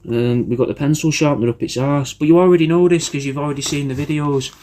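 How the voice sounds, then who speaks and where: A man's voice: on the high side, fairly even intonation, quick pace, mellow. A man hosting a podcast, delivering a rambling, sweary comedic roast and calling the listener "mate" constantly. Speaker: podcast host recording paid video messages.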